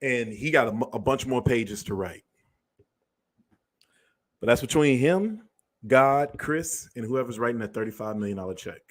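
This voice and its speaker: A man's voice: medium pitch, lively intonation, normal speed, pauses often. A man hosting a show, delivering a blunt, profane commentary monologue. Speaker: show host.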